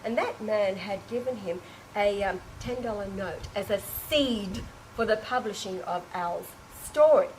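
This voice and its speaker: A woman's voice: medium pitch, unhurried, rough recording. A woman with a mid-range voice tells a personal story to a small group, swept along by it. She exclaims, restarts her sentences, and breaks into laughter or tears. A faint ambient hum sits behind her. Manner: animated and emotive, with frequent exclamations and restarts; laughs and tearful breaks while telling. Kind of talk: emotional personal anecdote.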